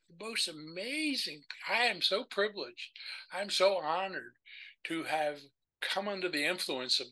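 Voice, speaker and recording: An older man speaking on a podcast with a very bright, sharp-edged voice that sits somewhat high for a man. He tells his stories with energy and slips into the voices of the people he quotes. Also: poor audio. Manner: animated storyteller who acts out the voices of the people he quotes. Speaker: podcast guest. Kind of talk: storytelling conversation.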